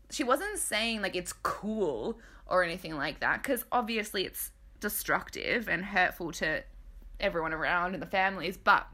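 A woman's voice: mid-range voice, pushed and bright. A woman hosting a casual TV recap, talking in a candid, blunt, chatty way and swearing freely. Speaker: host.

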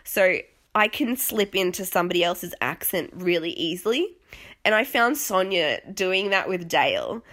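A woman's voice: fairly low pitch, animated, normal speed, fairly bright tone. A young Australian woman recapping a reality show in casual, rambling chat, sniffly and self-deprecating, with her voice tiring. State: sniffly, voice failing.

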